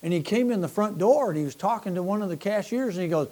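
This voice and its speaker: A middle-aged man preaching a folksy sermon, rambling and self-deprecating, stumbling over repeated words and swinging from quiet asides to loud points. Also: sits high, lively intonation, fast.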